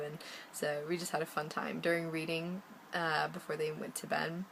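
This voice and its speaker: A young woman from the United States talks casually to her viewers, rambling along with plenty of ums and quick laughs. Her lowish voice has a gravelly fry, and faint noise sits under the recording. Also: fairly bright tone, low-quality recording. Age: young adult. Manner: chatty and rambling, many ums, frequent laughs. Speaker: vlogger. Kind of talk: casual video diary.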